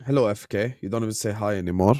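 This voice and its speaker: A man's voice: on the low side, fast talker, mellow, dry recording, studio quality. A man with a Jordanian Arabic accent, hosting a casual live-stream watchalong while a bit sick, bantering with viewers and switching between English and Arabic. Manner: bantering with viewers, reading out chat names. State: a bit sick, on cough syrup. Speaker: watchalong host.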